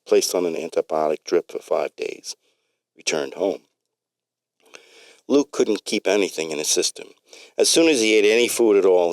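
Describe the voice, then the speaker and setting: A man's voice: low-pitched, no echo. A man reading a story aloud in a plain way, with slips and restarts.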